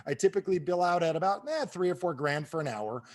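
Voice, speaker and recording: Middle-aged man, rapid speaker, fairly high voice, animated sales trainer talk. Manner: fast-talking, animated storyteller. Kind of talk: motivational talk to an audience.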